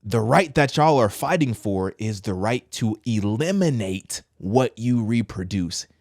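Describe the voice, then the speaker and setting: A commentary host with a lowish voice gives his opinions directly to the listener at a measured pace, blunt and slangy, calling people "bro." He's animated, leaping from loud, high-pitched outbursts to quiet, muttered asides. The sound is close and dry, with no echo or room around it.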